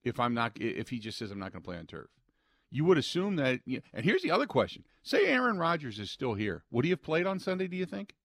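A man's voice: on the high side, huge pitch swings, fast, hardly any pauses, fairly bright tone, dry recording, studio quality. A man hosting a sports talk radio show, ranting emphatically and acting out what players might say. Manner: emphatic, opinionated, quotes imagined players.

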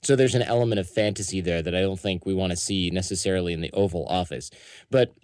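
American guest, frank and opinionated, low tone, dead-dry room. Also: male voice, steady tone, fast, a little mellow, no room sound. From United States. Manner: candid, opinionated, acts out quotes. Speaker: podcast founder, guest. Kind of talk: casual interview answers.

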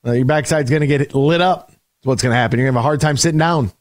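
A sports radio host delivers a fast, emphatic, opinionated monologue, swinging between loud punchlines and low grumbles. The recording is studio quality with no room sound.

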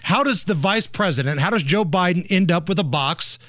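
A man's voice: sits high, expressive, a little fast, a bit bright, no echo, clean studio sound. A man hosting a political talk show, laying out the story and firing off pointed rhetorical questions. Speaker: host.

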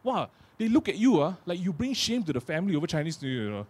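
A man's voice: high-pitched, big pitch swings, quick pace, hardly any pauses, darkish tone, breathy edge. Young Malaysian man doing stand-up. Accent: Malaysian English. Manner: chatty, self-mocking, playful impressions. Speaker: stand-up comedian. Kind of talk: stand-up comedy set. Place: office meeting hall.

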